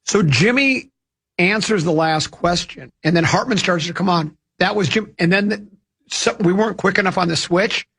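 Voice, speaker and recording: Gravelly older man rambling on radio. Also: sits high, normal speed, a bit bright. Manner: rambling, with many restarts and self-amused asides. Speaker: radio show host. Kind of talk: casual radio chat and storytelling.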